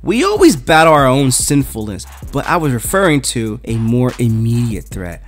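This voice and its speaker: A man's voice: medium pitch, huge pitch swings, moderate pace, faint music behind. A man voicing a stern, earnest male holy man in a comic read-aloud.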